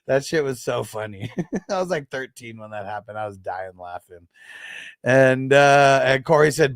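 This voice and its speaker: A man in his thirties hosts a casual livestream and talks viewers through their questions in a relaxed, slangy way. His voice has a gravelly fry, and the recording is dry and close, with no room sound. He swears freely and laughs easily. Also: medium pitch, moderate pace, no echo. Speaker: fantasy football livestream host.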